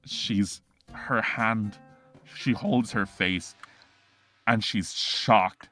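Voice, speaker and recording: Rambling game master, male, low voice, faint music underneath. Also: very slow, pushed and bright. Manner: loose, rambling, full of "like". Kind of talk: narrating a tabletop game.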